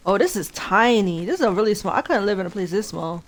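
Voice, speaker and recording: A woman's voice: medium pitch, expressive, fast talker, rough recording. A young woman streaming a video game, chatting nervously and talking to her character as she plays. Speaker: gaming streamer. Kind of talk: let's-play commentary. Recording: game sound and engine noise behind. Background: vehicle engine noise from the game.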